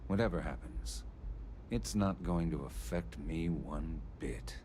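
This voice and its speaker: An actor playing a smug, arrogant corporate man in a video game, who speaks slowly and laughs off threats with scorn. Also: a bass voice, mellow, slight background noise. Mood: scornful.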